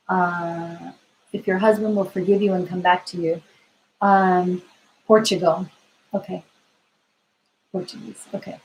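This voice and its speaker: A woman tarot reader answering viewer questions on a live stream, gentle and reassuring, thinking aloud with frequent fillers. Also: lowish voice, fairly even intonation, a little slow, pauses often, a little hiss or hum, poor audio.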